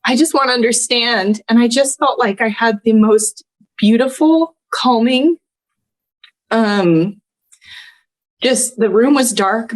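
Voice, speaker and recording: Her voice is medium in pitch as she, a podcast guest in her thirties, recounts an emotional story from her own life. The feeling is earnest and heartfelt, and she's frequently on the verge of tears while laughing through it.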